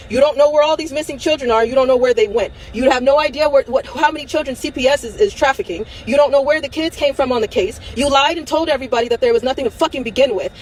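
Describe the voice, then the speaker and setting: A woman delivering an impassioned, angry rant to her viewers, blunt and swearing, hammering her points with repetition. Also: sits high. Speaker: online commentator.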